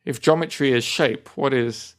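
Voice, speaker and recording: A man's voice: medium pitch, normal speed, a bit bright. An English man co-hosting a podcast in casual chat, hesitant and given to repeating words. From England. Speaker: podcast co-host.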